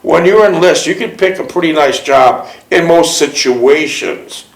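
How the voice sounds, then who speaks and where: A male host with a fairly high-pitched voice speaks a little slowly as he interviews a veteran and reads from a book. He asks leading questions and sums up with emphatic statements. The recording is rough and roomy.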